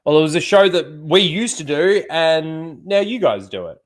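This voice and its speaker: A man's voice: a little high, lively intonation, moderate pace. A man hosting a casual livestream, swearing freely and chuckling often. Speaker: livestream host.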